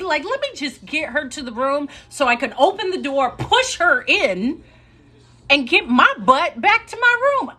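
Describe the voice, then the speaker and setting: A young woman casually telling a story to a live audience, chatty and animated and laughing now and then. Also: high-pitched.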